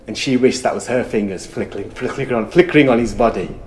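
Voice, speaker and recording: A man's voice: medium pitch, quick pace, slight background noise. Man telling a folk tale in rhythmic repeats. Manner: rhythmic, repeating phrases, dropping to soft murmurs. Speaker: storyteller.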